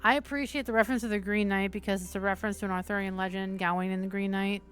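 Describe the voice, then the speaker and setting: Speaking very fast at a medium pitch, the woman hosting this stream reads a visual novel aloud while faint music plays. Casual cursing asides cut into her steady narration between passages.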